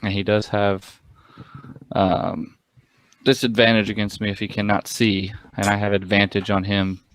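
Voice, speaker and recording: A man's voice: on the low side, flat delivery, unhurried, fairly bright tone, poor audio. A man playing a tabletop game, thinking aloud about his moves with hesitant fillers. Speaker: player. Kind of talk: casual tabletop game talk.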